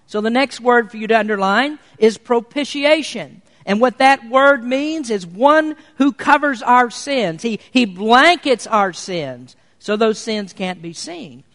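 A man preaching a sermon as pastor, earnest and deliberate, slowing down to stress key words. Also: extremely high pitch, lively intonation, fairly bright tone, in a large hall. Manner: earnest preaching, slows for emphasis.

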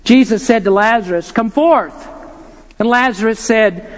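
High-voiced preacher in a reverberant hall. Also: male voice, measured pace. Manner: earnest, emphatic preaching with rhetorical questions. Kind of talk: sermon.

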